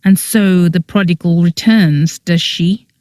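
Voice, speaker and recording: Brief: frosty matriarch in her eighties, voiced by the narrator, biting, mellow and dry. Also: medium pitch, steady tone, measured pace, dry recording, close to an everyday voice. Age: 80s. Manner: biting, haughty. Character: stern elderly grandmother, family matriarch.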